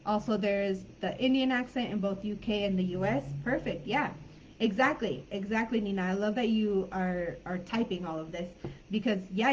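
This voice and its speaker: A woman's voice: mid-range voice, a little mellow, muffled recording, slight background noise. A woman with a Californian accent, an English teacher talking through a live online class in a friendly, chatty way with plenty of fillers.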